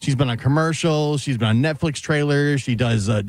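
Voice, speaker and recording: A man's voice: fairly high pitch, moderate pace, a little hiss or hum. A man on a radio show throwing in dry, matter-of-fact remarks during casual banter.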